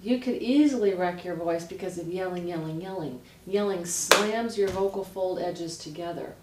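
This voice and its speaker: A woman, a vocal coach, explaining how to speak healthily in a lively, direct teaching manner. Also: lowish voice, moderate pace. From United States. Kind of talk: instructional explanation with voice demonstrations. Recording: roomy, distant mic, faint noise.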